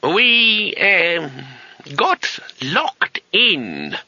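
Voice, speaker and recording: A man voicing a pompous elderly male wizard master who speaks slowly and haughtily. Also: high voice, huge pitch swings, bright, forceful tone, no room sound, voice pushed up, exaggerated voice. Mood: embarrassed. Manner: haughty, slow, drawling. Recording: slightly dull, dry audiobook recording.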